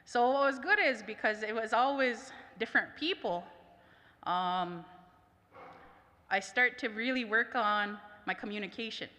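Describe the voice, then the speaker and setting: Woman speaker, chatty storyteller, bright voice, reverberant conference hall. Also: fairly high pitch, a little slow. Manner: chatty, lots of "I was like" quotes. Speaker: summit speaker, language teacher. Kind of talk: storytelling talk at a summit.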